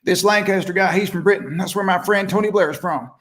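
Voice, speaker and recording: A man's voice: high-pitched, quick pace, fairly bright tone, voice pushed up. A man doing an impression of a chummy, boastful older politician.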